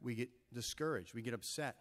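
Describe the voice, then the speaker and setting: A male pastor preaching a sermon in an animated, conversational way. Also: medium pitch, a little fast.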